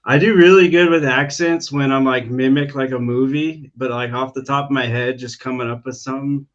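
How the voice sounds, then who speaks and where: A man's voice: medium pitch, fairly even intonation, fairly quick, dull audio. An American man who is a veteran and podcast guest, talking casually, with lots of "dude" and "like". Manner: laid-back, uses "dude" and "like" often.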